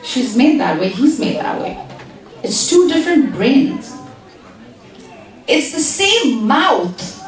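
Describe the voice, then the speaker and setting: A woman lectures an audience with humor, teasing them and repeating lines to drive points home. Her voice sits high and her delivery is unhurried. She is recorded from some distance in a roomy hall with a strong echo. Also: sing-song. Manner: playful, teasing, repeats phrases for emphasis. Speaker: speaker at a community talk.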